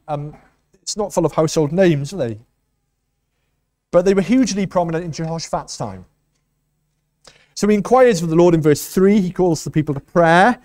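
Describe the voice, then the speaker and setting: Male preacher, higher voice with a warm, dark tone, earnest sermon delivery. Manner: earnest expository preaching with rhetorical questions. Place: church.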